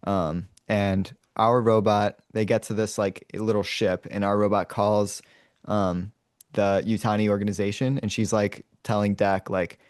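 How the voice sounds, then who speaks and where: A man with a fairly low voice tells a movie's story in a loose, rambling way, stopping to act out lines and roars. He speaks in a small, dry room with no echo. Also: flat delivery, unhurried. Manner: rambling, many fillers and restarts. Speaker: podcast host retelling a movie. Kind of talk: casual storytelling to his brother.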